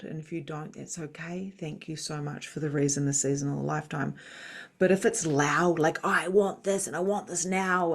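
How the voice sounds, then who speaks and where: A woman in her thirties, a spiritual coach and psychic medium, talking candidly in an interview over a video call, animated and jumping between loud quoted voices and soft low asides.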